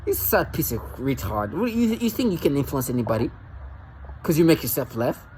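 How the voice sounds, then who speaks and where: A man's voice: on the high side, very animated, brisk, darkish tone, a little hiss or hum, poor audio. A man vlogging alone in a rambling, agitated and mocking rant, often stumbling and restarting his sentences. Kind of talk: rambling monologue to camera.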